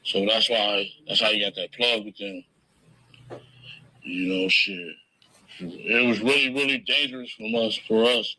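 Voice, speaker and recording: A man's voice: lowish voice, steady tone, a little slow, long pauses, sharp tone, low-quality recording. A man interviewed in a recording, telling stories casually in profane, slangy language. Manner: laid-back, profane, slangy. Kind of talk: casual storytelling.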